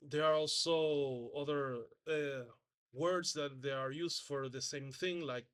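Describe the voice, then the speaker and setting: A man's voice: a little high, fairly even intonation, takes it slowly, fairly bright tone. Hesitant young man giving a spoken exam. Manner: hesitant, with restarts and self-corrections; demonstrates sounds by repeating example words. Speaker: student.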